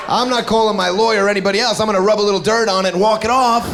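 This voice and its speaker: A man doing a stand-up routine in a comedy club, ranting in a brash, profane, incredulous way. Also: high voice. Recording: live club set with crowd laughter and noise. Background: crowd laughing.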